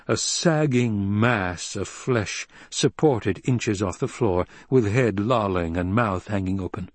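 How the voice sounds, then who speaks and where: A man narrating an audiobook in a steady, even storytelling manner. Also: lowish voice, no echo. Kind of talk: scripted narration.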